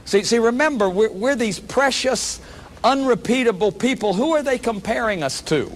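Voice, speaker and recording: A man's voice: extremely high pitch, lively intonation, moderate pace. A man giving a public lecture as a workshop leader, earnest and emphatic, often repeating words as he restarts.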